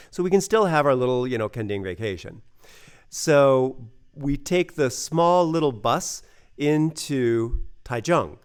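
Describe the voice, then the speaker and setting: A man from the United States telling a personal story in a casual, animated way, acting out the voices he quotes. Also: medium pitch, a little slow, clean tone. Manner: animated, acts out quoted voices, many fillers.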